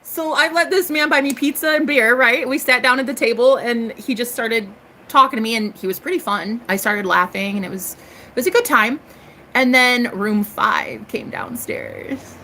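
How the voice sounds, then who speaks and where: An American woman telling a story in a casual monologue, sassy and cheeky, calling listeners honey and girl, swooping up into high exclamations. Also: moderate pace, sharp tone, a little hiss or hum. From United States. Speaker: tarot reader and live streamer.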